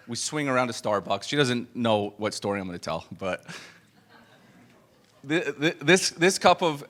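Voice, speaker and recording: A man speaks to a live audience in a loose, conversational storytelling style. His pitch sits in the middle range, and he stumbles and restarts as he acts out the dialogue. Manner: animated and conversational, full of fillers and restarts, acts out quoted dialogue. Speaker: business coach speaking to an event audience. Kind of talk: live motivational storytelling talk. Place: event room with a live audience.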